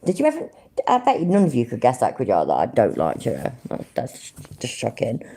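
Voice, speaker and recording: A woman's voice: very deep voice, wildly swooping pitch, a little fast, dark tone, husky. A British woman hosting a livestream, reacting to clips with sarcastic, sweary ranting. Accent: British English. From Britain. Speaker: livestream host. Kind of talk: live commentary reacting to clips.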